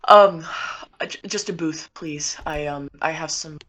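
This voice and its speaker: A woman's voice: deep voice, unhurried, fairly bright tone. A woman voicing a nervous bookish young investigator who stammers and hesitates. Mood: flustered. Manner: hesitant, stammering, full of ums.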